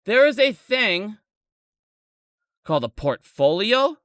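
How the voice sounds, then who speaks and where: A man in his thirties rants on a live stream, swearing constantly, his voice high and swinging wildly up and down. The tone is bright and edgy. The sound is dry and close. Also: sing-song, slow, no room sound. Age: 30s. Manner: angry, profane, ranting.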